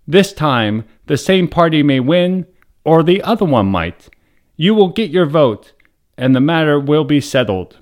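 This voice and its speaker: An earnest, upright governor, as a man reads him calls out over a restless crowd in raised, higher shouts. He sounds urgent and insistent, straining to be heard. His lines come as spoken parts of a family storybook reading. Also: big pitch swings, unhurried. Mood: commanding.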